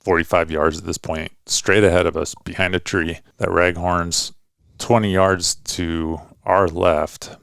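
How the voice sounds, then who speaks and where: Deep gravelly middle-aged guy, laid-back rambly hunting story, dry close mic. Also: a little slow, no echo. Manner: relaxed storytelling, loose and rambling with frequent "kinda" and "like". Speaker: podcast host and hunting dad.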